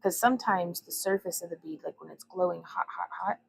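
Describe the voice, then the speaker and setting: A woman's voice: lowish voice, fairly quick, gravelly, breathy edge, soft background music, rough recording. A young woman hosting a casual glass bead livestream from her home workbench, chatting and rambling as she greets viewers. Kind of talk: casual craft demonstration livestream.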